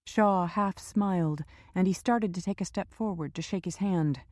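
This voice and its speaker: A woman narrating a crime thriller audiobook in a measured, steady reading on a close mic. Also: lowish voice, no echo. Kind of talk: scripted narration.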